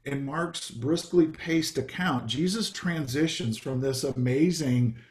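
A man's voice: mid-range voice, slow pace. A man, a pastor, preaching a conversational sermon over a video call, with frequent ums and light asides.

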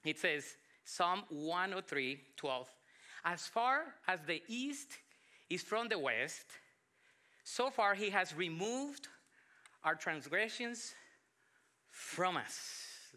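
A man in his forties from Colombia with a Colombian Spanish accent mixed with South Texas English, preaching a sermon as a pastor with emphatic phrasing and quieter asides. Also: high voice, sing-song. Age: 40s. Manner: emphatic preaching with pauses, drops to soft asides.

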